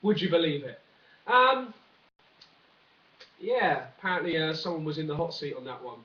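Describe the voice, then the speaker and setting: A man's voice: a little high, lively intonation, normal speed, noisy background. A young man rambling through a jokey, one-take comic news rant, full of fillers and asides. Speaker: vlogger. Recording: dull, roomy, from a distance.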